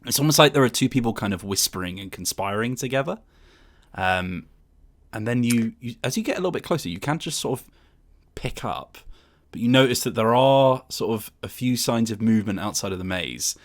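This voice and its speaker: A man narrating as game master of a tabletop game, talking in a relaxed way with lots of fillers. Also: mid-range voice, brisk.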